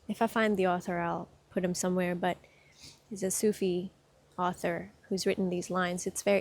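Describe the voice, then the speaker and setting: A woman giving a casual spiritual talk outdoors, soft-spoken and reflective, pausing often and getting emotional. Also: medium pitch, dry recording. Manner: gets emotional. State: itchy from hay fever. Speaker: spiritual speaker.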